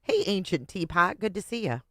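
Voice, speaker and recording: A woman's voice: mid-range voice, very animated, a little fast, sharp tone, dry recording, clean studio sound. A woman hosting a livestream, chatting with viewers and making sarcastic asides as she reacts to a podcast. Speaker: livestream host.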